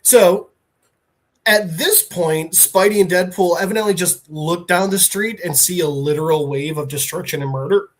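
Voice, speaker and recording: A podcast host, a man, casually retelling a comic in an animated, rambling way with fillers. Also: sits high, normal speed.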